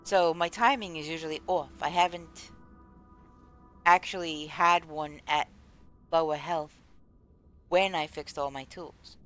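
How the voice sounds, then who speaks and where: Woman streamer from the US, lower voice, rambling casual chat over faint game music. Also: steady tone, a little slow, long pauses, a bit bright. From United States. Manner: rambling, chatty, answers chat aloud. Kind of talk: casual chat while gaming.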